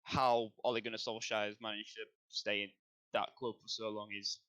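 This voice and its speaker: A man's voice: lowish voice, little pitch movement, normal speed, sharp tone, clean tone. A young man, co-hosting a casual podcast and arguing his point with fillers and rising heat. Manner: builds into heated ranting with hesitant fillers. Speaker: podcast co-host. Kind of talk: casual chat.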